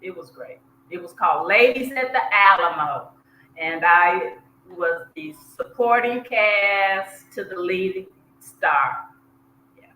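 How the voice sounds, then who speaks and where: A woman from South Georgia with a Southern US accent, a podcast guest chatting in an easy, unhurried way and laughing at herself. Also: mid-range voice, lively intonation, pushed and bright. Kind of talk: casual interview chat. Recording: echoey room with faint hiss.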